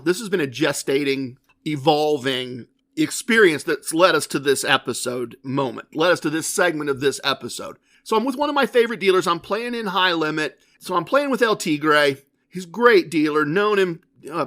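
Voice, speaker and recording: A man's voice: high-pitched, sharp tone. A man hosting a podcast, telling a rambling, self-questioning story in a casual solo monologue. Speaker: podcast host.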